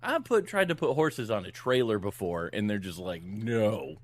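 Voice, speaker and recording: A man's voice: on the low side, normal speed, no echo. A man guesting on a podcast, retelling a film plot in casual chat, acting out the characters' lines and laughing often. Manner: animated storyteller who acts out the characters' lines; laughs often while talking.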